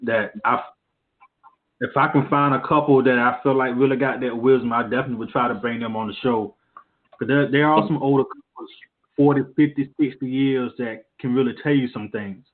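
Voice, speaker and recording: Brief: relaxed male podcast co-host, mid-pitched, thin phone audio. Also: a little fast. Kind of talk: casual chat. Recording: tinny phone-line sound.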